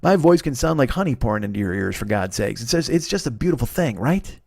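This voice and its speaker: Hoarse, sniffly man ranting profanely. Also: medium pitch, very animated, quick pace, darkish tone, dry recording, studio quality. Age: 40s. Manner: rambling, profane, self-mocking. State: sick, slightly hoarse and sniffly. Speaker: podcast host. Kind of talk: casual comedic monologue.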